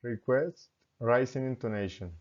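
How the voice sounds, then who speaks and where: A man who is a student, reading pronunciation drills aloud slowly and carefully, word by word. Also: mid-range voice, darkish tone, highs cut off.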